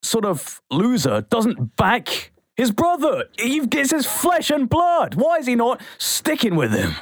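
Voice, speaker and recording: A man's voice: very high voice, huge pitch swings, measured pace, no echo, clean studio sound. A man hosting an interview, putting leading and provocative questions to his guest. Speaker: radio host.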